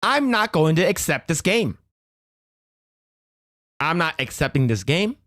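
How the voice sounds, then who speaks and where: A man's voice: high-pitched, big pitch swings, moderate pace, pauses often, fairly bright tone, dry recording, clean studio sound. A male streamer chatting casually, reacting with joking outrage. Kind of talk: casual live-stream chat.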